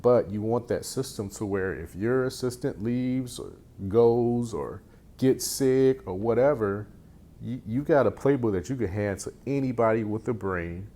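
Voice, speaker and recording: A man with a somewhat low voice coaches real estate agents in an easygoing, unscripted way. He circles back on his phrases and restarts often. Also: unhurried, dark tone. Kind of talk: casual teaching talk.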